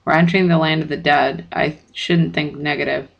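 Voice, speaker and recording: A reader voicing a smart, steady young girl who speaks earnestly in a storybook audiobook. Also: mid-range voice, brisk, vocal fry, dull audio.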